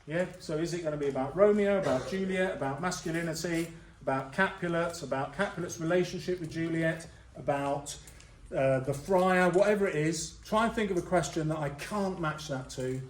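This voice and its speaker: Lively male teacher in an echoey hall. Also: a little high, normal speed, slight background noise. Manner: lively, jokey, acts out characters. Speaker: English teacher. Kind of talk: classroom revision lecture. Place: school hall. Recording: roomy hall sound from a distance.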